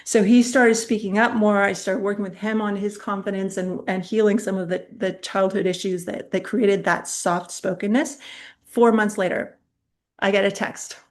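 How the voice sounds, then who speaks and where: Animated middle-aged woman coaching speakers. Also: medium pitch, moderate pace. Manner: animated, laughs often mid-sentence; chatty, direct, addresses viewers. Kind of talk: online master class, storytelling.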